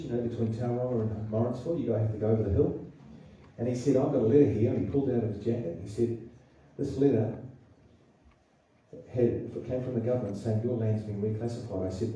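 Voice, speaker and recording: The voice is a man's, medium in pitch and dark in tone, coming from a distance in a very echoey public hall. He's a New Zealand public speaker at a political seminar, pressing his points hard and throwing rhetorical questions at the crowd.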